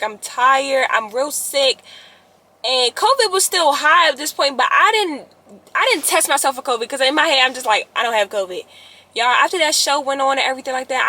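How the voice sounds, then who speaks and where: A young woman, telling a story to her viewers in a casual, animated way, often rising to exasperated outbursts. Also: high-pitched. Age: young adult.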